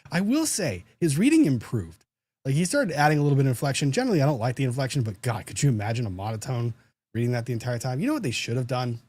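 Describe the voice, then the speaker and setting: A man's voice: mid-range voice, a little mellow, dry recording. A man who is a lawyer, hosting a casual livestream, chatting and reading viewer comments in a joking, self-deprecating way.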